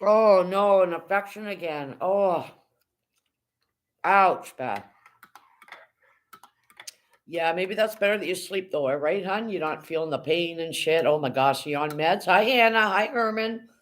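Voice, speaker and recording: A woman's voice: on the low side, lively intonation, unhurried, long pauses. A middle-aged woman from Canada, chatting casually on a live stream, greeting viewers by name and swearing now and then. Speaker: livestream host.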